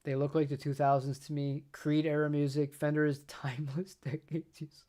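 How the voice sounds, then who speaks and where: A man's voice: a little high, flat delivery, normal speed, mellow. A man hosting a guitar channel, chatting casually on a live stream, rambling and repeating words and laughing often.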